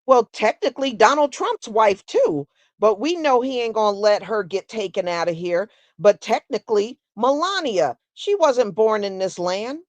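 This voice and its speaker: A woman hosting a casual solo livestream, talking in an unhurried, conversational way and answering viewers with "mm-hmm" and "yeah". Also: on the high side, animated, dry recording. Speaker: host.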